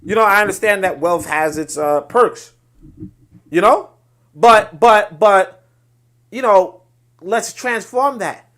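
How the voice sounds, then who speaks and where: A man's voice: sits high, slow pace, long pauses, a bit bright. A man hosting a podcast, giving emphatic solo commentary on social media posts in a lecturing way. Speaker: podcast host.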